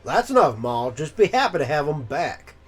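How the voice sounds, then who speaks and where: A game streamer voicing a calm, folksy old mole father with a drawling country way of talking. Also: mid-range voice, moderate pace, slightly rough, faint music behind, voice pushed down.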